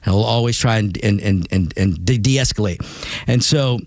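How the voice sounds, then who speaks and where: A man hosting a talk radio show in a studio, delivering an animated monologue full of stammered restarts and repeated words. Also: fairly low pitch, normal speed, no echo. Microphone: studio microphone.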